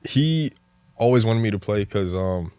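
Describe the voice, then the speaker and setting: A young man from New Jersey, a podcast guest, telling stories in a relaxed, casual way that turns lively and full of laughter at the funny parts. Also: lowish voice, unhurried, smooth, no room sound. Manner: laid-back, animated when telling stories, laughs often. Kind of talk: casual storytelling chat.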